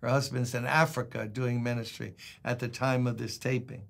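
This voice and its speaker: A man's voice: mid-range voice, level tone, moderate pace, gravelly, fairly bright tone. An older man, a pastor, giving a conversational devotional sermon, telling folksy stories and reading scripture aloud.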